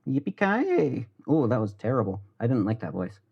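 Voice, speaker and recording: A man's voice: on the low side, fast, slightly rough, muffled recording. A young American man with an American accent, chatting loosely and swearing as he cooks in his home kitchen on a live stream. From United States. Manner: rambling, self-deprecating, swears casually. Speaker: livestreamer. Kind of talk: casual live-stream chat while cooking. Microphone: headphones with mic.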